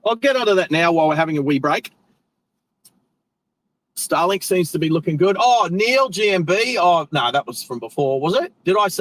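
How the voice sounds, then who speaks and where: With no echo but a rough recording, an Australian man's fairly high, bright voice carries through a casual live stream while he drives. He rambles along in friendly slang, often correcting himself mid-sentence.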